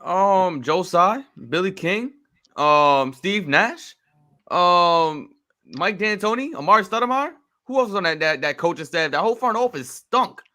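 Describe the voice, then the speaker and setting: A man's voice: high-pitched, lively intonation, measured pace, pushed and bright. A man co-hosting a sports podcast, ranting emphatically and repeating his points in a heated debate. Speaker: podcast co-host.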